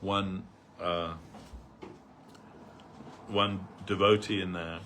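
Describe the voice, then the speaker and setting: A man speaks in a fairly low voice, telling stories and explaining a reading in a loose, meandering way. His talk is stacked with "like" and "you know". A faint hiss sits behind him. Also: level tone, very slow, fairly bright tone. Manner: rambling, full of "like" and "you know". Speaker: devotee speaker. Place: temple hall.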